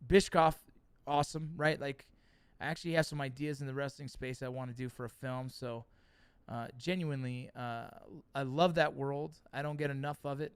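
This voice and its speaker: A middle-aged man hosting a livestream, reading chat and telling stories in a casual, profane, animated way. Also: medium pitch, moderate pace, clean tone, no room sound.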